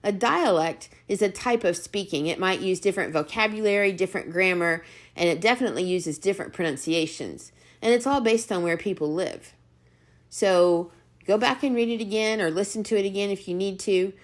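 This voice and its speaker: A woman teacher reading a children's novel aloud, gentle and encouraging as she talks to her students. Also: mid-range voice, brisk.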